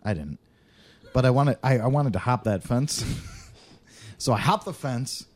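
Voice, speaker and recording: A podcast co-host tells a wild story, his pitch swinging all over as he laughs and swears. The delivery is loose, casual, animated, and full of energy, though a little slow, with a darkish tone.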